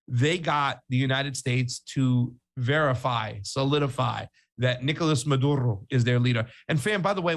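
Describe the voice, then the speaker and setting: A man from Brooklyn co-hosting a relaxed news talk show at a mid pitch. He jokes and banters easily, and breaks off to thank viewers by name. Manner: joking, banter, reads viewer tips. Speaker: co-host. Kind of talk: casual news commentary.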